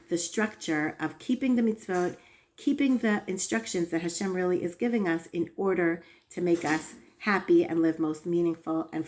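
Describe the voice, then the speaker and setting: A woman's voice: on the low side, a little mellow, slight background noise. Woman teaching an informal faith lesson. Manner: conversational, checks in with "right?"; unhurried, thoughtful. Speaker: religious teacher.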